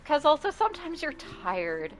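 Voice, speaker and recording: A woman's voice: high-pitched, wildly swooping pitch, normal speed, soft background music. Giggly swearing woman streamer. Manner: giggly, rambling, swears casually. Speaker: game streamer. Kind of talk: casual live-stream chat.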